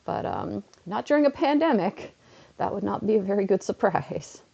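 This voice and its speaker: A woman's voice: medium pitch, animated, moderate pace, vocal fry, warm tone, breathy edge. A young woman chatting casually on a home livestream while playing a phone game, rambling from topic to topic and feeling a bit under the weather. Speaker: streamer. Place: indoors at home. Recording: dull lo-fi mic.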